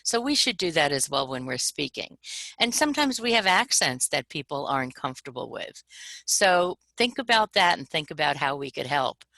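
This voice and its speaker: A woman's voice: low voice, big pitch swings, moderate pace, vocal fry, sharp tone, dry recording, rough recording. A woman co-presenting a webinar workshop, talking in a demonstrative way and acting out voice examples for her audience.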